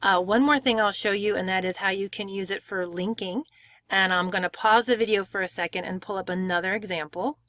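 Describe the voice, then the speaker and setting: Woman, pronunciation teacher, tutorial, clear step-by-step explaining, mid pitch, dry sound. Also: steady tone, brisk, a bit bright, dry recording. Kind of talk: screen-share tutorial.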